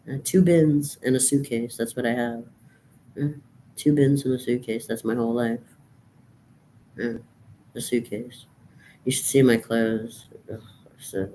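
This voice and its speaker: A woman's voice: extremely low pitch, darkish tone, a little hiss or hum. Profane, weary woman in her fifties. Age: 50s. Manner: profane, rambling, bleak. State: depressed and weary. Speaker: vlogger. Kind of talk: rambling monologue to camera.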